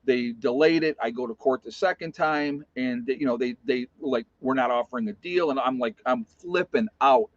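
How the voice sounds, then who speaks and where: A man's voice: medium pitch, moderate pace, few pauses, no echo. Rambling man in his fifties. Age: 50s. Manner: rambling, lots of "you know" and restarts. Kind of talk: casual storytelling monologue. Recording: dry, slightly dull sound.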